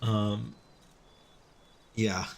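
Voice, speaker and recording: A man's voice: lowish voice, flat delivery, drawn-out words. A man in his fifties, a game streamer chatting casually with viewers in chat while he plays. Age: 50s. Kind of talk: casual live-stream chat over gameplay.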